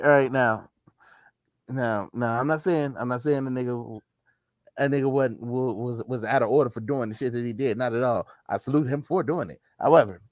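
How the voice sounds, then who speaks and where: A man's voice: mid-range voice, no echo. Dry-sounding male co-host, emphatic. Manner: laughing, reacting, emphatic. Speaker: podcast co-host. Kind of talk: casual podcast banter.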